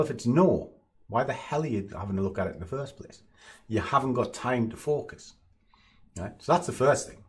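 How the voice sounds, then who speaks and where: Blunt man, low voice. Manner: blunt, lecturing, no-nonsense. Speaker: forex trading coach. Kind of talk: motivational monologue.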